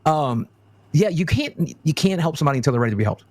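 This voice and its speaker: A man's voice: fairly high pitch, expressive, fast, no room sound. A man chatting on a stream, rambling through his opinions with lots of fillers. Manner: rambling, many fillers, casual swearing.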